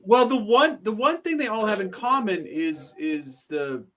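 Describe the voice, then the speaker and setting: Animated male podcast co-host. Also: high-pitched, unhurried. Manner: animated, jokey, defends his view. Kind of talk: casual chat reviewing a TV episode.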